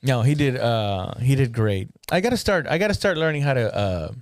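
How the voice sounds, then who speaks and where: A man of ordinary pitch talks shop on a casual podcast, rambling and restarting his sentences as he thinks aloud. The mic is close and dry, with no room sound. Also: expressive, moderate pace, no echo. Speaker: podcast host and comedian running a show.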